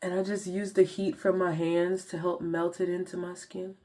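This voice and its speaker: A woman's voice: on the low side, level tone, moderate pace, a little mellow. A young woman vlogger chatting casually to viewers in slangy talk while walking through her skincare routine. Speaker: beauty vlogger.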